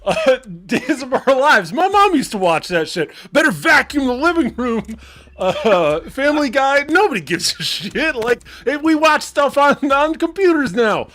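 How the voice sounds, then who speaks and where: A man from Michigan co-hosting a casual live entertainment show, excitable and swearing freely, laughing often. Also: very high-pitched, measured pace. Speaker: co-host. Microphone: wired mic on a short cord.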